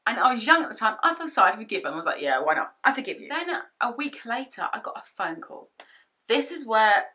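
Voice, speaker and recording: A young woman chatting to camera from her home office, retelling a past relationship with animated quoted asides. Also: fairly high pitch, fast. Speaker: vlogger. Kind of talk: storytime vlog. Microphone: camera-mounted shotgun mic.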